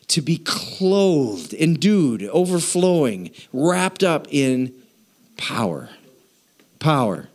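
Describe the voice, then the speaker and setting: Male pastor, slightly high voice, teasing and repetitive, sermon delivery. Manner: playful, repeats phrases to prompt the congregation.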